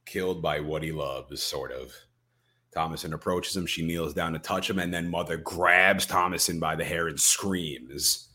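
A man's voice: low voice, moderate pace. A man co-hosting a podcast, retelling a film scene by scene and acting out the quoted lines with energy. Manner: animated storyteller, acts out quoted lines. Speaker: podcast co-host.

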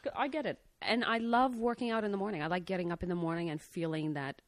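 A woman's voice: on the low side, fairly even intonation, fast, no echo. A woman from Ethiopia, a media company founder, chatting upbeat as a podcast guest and laughing often. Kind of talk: casual chat.

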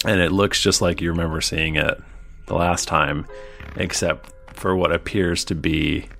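A man narrates a tabletop game as its game master, his voice very deep and full of gravelly fry. He circles through his descriptions hesitantly, leaning on fillers as he goes. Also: steady tone, unhurried, fairly bright tone, soft background music.

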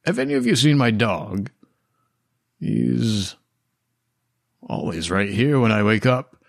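A man's voice: lowish voice, big pitch swings, creaky, dry recording, studio quality, full character voice. A man voicing a polite, deferential male estate servant in a tabletop game. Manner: courteous, deferential, unhurried.

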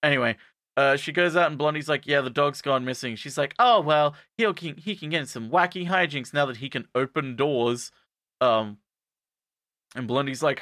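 A bright-toned man on a podcast, talking close to a dry mic as he tells an anime plot. He slips in and out of silly character voices, jumping high for the quotes. His delivery is casual and comedic. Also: normal speed, no room sound. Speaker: podcast co-host recapping anime.

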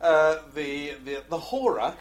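Chuckling as he goes, a man co-hosting a podcast tells jokes and chats in a relaxed way. His voice is a little high and his delivery slow, and he tells stories with animation.

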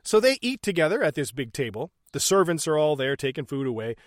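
A man's voice: very animated, fairly quick, dry recording, clean studio sound. A man co-hosting a casual movie recap, swearing and joking and putting on silly voices for the characters. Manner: profane, jokey, recaps scenes and acts out characters in high silly voices. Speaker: podcast co-host.

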